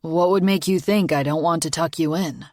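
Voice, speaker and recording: A woman narrating an audiobook, voicing a calm, gently teasing single father in a low-key way. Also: moderate pace, no echo, studio quality. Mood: tender. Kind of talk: audiobook character voice.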